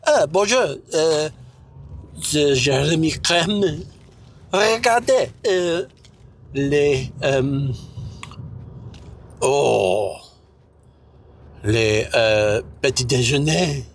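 A man's voice: mid-range voice, slight background noise, lightly acted. A man voicing a sleepy, mumbling man who fakes a clumsy French accent, full of hesitations. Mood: mock French. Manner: slow and mumbling, with many hesitations.

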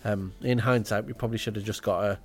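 A man's voice: fairly low pitch, fairly even intonation, fast talker, faint music behind. A man with a dry, rambling manner, telling a comic audio diary at home as podcast host. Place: indoors, front room at home.

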